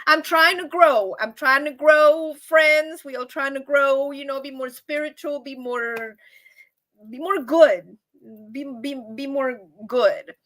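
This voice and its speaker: A woman with a high voice hosts a casual live-stream chat. She talks to her viewers in an upbeat, rambling way, often repeating words and laughing along the way. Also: a bit bright.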